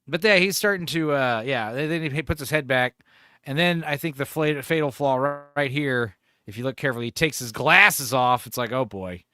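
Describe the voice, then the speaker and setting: A man's voice: medium pitch, moderate pace, clean tone, no echo. A man hosting a casual livestream, rambling and chuckling as he chats. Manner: rambling, chuckling, with lively intonation. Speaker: streamer host.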